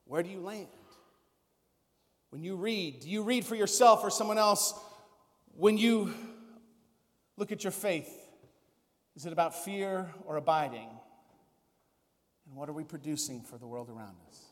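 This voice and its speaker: Male pastor, high voice, casual sermon full of questions; long hall reverb. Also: measured pace, pauses often, a bit bright. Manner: conversational preaching with rhetorical questions.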